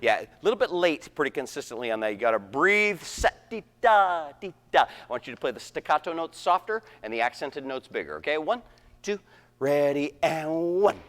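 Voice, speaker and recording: A man's voice: on the high side, very animated, brisk. Man conducting a band, singing rhythms aloud. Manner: sings rhythms aloud, counts off loudly. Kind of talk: rehearsal instruction to a wind band. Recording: echoey hall.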